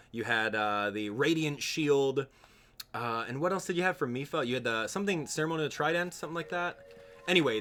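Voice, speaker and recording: A man's voice: mid-range voice, fairly bright tone. Young guy streaming a game, chill and jokey, lots of laughs, voice bouncing up and down. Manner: laid-back, joking, laughs often. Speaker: gaming streamer. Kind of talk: live gameplay stream chat.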